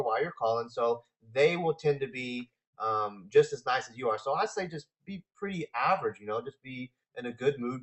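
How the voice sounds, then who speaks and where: A man hosting a casual talk on sales tactics. He speaks in a relaxed, unhurried way at an ordinary pitch. His delivery is full of fillers and restarts. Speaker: host answering viewer questions.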